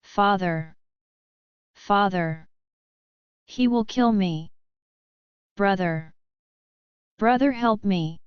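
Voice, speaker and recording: A woman's voice: medium pitch, very slow, pauses often, clear, resonant tone, no room sound, highs cut off. A woman voicing a spoiled, demanding young princess who whines and pleads. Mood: panicked.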